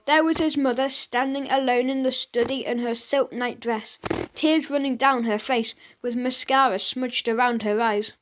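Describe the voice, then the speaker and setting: A woman narrating a children's audiobook in an expressive storytelling manner. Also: fairly high pitch, moderate pace, a little hiss or hum.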